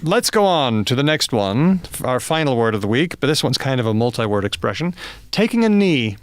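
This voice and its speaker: A man's voice: mid-range voice, very animated, fairly quick, no room sound. A man co-hosting a podcast in casual chat, telling stories and laughing often. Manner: chatty, laughs often, storytelling. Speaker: podcast co-host.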